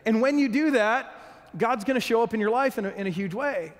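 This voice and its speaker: A high-voiced man preaches in a church hall, his words ringing out with a long echo behind them. He talks to the congregation earnestly, often stumbling into quick restarts and doubling words before pressing on. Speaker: pastor. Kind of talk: sermon.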